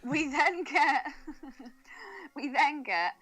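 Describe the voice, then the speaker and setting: A woman's voice: high voice, sing-song, drawn-out words, fairly bright tone, rough recording. A woman co-hosting a casual podcast chat, laughing often and using slang. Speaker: podcast co-host.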